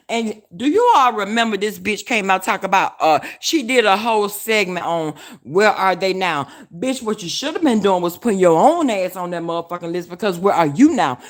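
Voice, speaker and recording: A woman chats straight into her phone on a live stream. She is brash and loud-mouthed and swears freely as she trash-talks. Her voice sits at an ordinary middle pitch for a woman. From Alabama, US. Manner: brash, profane, trash-talking. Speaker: vlogger hosting a live stream. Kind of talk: casual live-stream chat.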